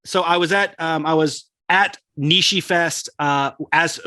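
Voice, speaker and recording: This is a man with a Texan accent co-hosting a podcast, talking eagerly about his collection and laughing easily. His voice is bright and sits somewhat high for a man. The recording is close and dry, with no room sound. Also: unhurried, dry recording. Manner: chatty, enthusiastic collector, laughs often. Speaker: podcast co-host. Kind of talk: casual podcast chat.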